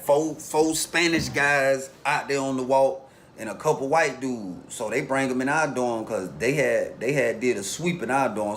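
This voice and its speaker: A man casually telling a long story in a relaxed street way, acting out the voices of the people in it. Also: mid-range voice, a little hiss or hum. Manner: laid-back street storytelling, acts out quotes.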